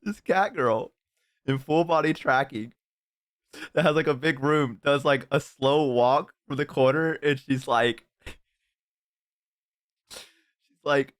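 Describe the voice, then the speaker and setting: A man streaming and telling a story casually to his chat, swearing often and bursting into loud laughter. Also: medium pitch, takes it slowly, long pauses. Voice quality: profane, laughs hard and loud. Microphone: headset.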